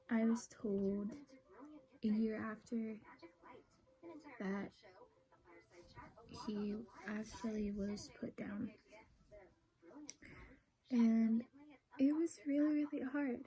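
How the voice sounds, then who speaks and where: Soft, slow young woman, dark-toned. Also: a little high, rough recording. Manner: soft, halting, often whispered. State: sad, emotional. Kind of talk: personal storytelling.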